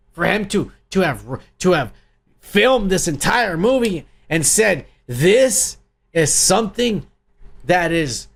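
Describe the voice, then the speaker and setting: A man with a gravelly, crackling voice tears into a film trailer, crude and heated, swearing at every turn. His voice sits high for a man. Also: fairly bright tone. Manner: angry, crude, swears constantly. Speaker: podcast host. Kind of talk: profane ranting movie review.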